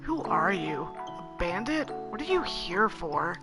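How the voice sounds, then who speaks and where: A scornful village boy in a story game, curt and dismissive with strangers, as a woman voices him. The voice sits lower than her own and has a gravelly texture. Game music plays underneath. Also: very animated, takes it slowly, heavily acted. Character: rude, sullen village boy, blunt and scornful.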